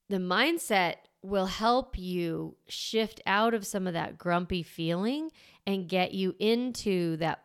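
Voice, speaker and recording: A woman's voice: on the low side, clear, resonant tone, dry recording, clean studio sound. A woman in her thirties hosting a solo parenting podcast, talking in an encouraging, conversational way and acting out the thoughts she describes.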